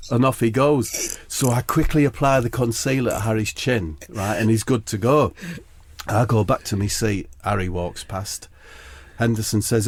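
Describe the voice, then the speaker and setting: A man's voice: medium pitch, unhurried. A man co-hosting a comedy podcast, telling an absurd story in a rambling way with sweary asides.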